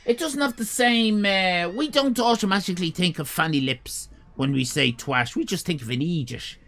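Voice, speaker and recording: An Irish man hosting a live stream, chatting casually and rambling, swearing and breaking into shouts. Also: high voice, moderate pace. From Ireland. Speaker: livestream host.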